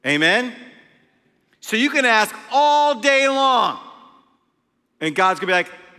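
High-voiced emphatic male preacher. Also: big pitch swings, normal speed, long reverb tail. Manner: emphatic, swinging between loud and hushed. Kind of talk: sermon.

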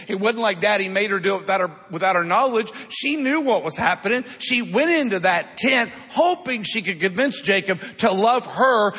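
A man's voice: high-pitched, bright, forceful tone, slightly rough. A man preaching a sermon in a church, calling out to the congregation for responses. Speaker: pastor. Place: church sanctuary. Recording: long hall reverb.

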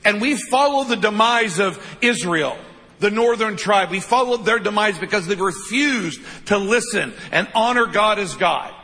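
A man's voice: high voice, animated, normal speed, sharp tone, in a large hall. A man in his fifties preaching a sermon, telling stories with self-deprecating humor and frequent "right?" asides. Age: 50s. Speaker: pastor.

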